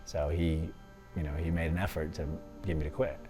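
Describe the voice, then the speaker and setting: A man, a former fighter, telling his life story in an interview, lively and often laughing as he acts out what others said. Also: a bass voice, fairly quick, breathy edge, soft background music.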